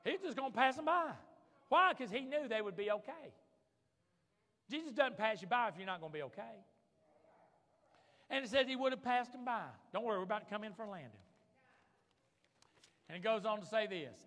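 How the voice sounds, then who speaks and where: In a large hall with long reverb, a pastor delivers a fervent sermon, calling for amens from the congregation. His voice is high, sharp and animated, brisk yet often pausing.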